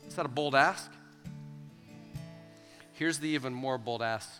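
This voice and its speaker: A youth pastor preaching a sermon to students, animated and emphatic, acting out the voices in the stories he tells. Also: mid-range voice, a little slow. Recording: long hall reverb with soft guitar.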